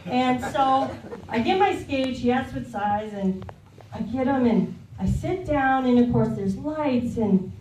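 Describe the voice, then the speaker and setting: A woman's voice: sits high, lively intonation, measured pace, darkish tone, echoey room, distant mic, a little hiss or hum, low-quality recording. A woman in her thirties doing a stand-up set on a comedy club stage, telling a rambling, confessional story. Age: 30s.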